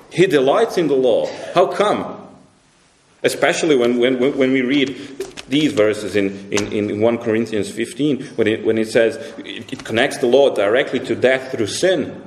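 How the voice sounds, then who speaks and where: A male pastor with a low, darkish voice delivers an emphatic sermon full of repeated restarts. He rises in pitch to drive points home and drops low for solemn moments, all in a church's roomy echo.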